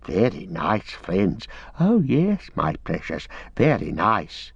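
A man's voice: low-pitched, huge pitch swings, takes it slowly, creaky, breathy edge, dry recording, full character voice. A man voicing a wretched, starved, sly creature that hisses and wheedles, in a dull lo-fi recording. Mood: hissing bitter. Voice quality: hissing, wheedling.

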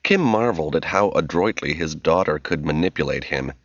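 Deep-voiced male audiobook narrator. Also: no room sound. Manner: measured storytelling, expressive. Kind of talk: scripted narration. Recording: dull, muffled audio.

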